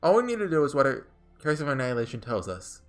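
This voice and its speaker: A man's voice: a little high, big pitch swings, fast talker, soft background music, pitched above the performer's own voice. A man reading as a flippant cruel oni rider. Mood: callous.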